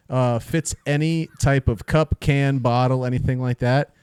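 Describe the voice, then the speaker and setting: A man's voice: mid-range voice, steady tone, a little slow, darkish tone, smooth, no room sound. A young man co-hosting a casual podcast, easygoing and full of fillers. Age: young adult. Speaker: podcast co-host. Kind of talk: casual chat, reading ad.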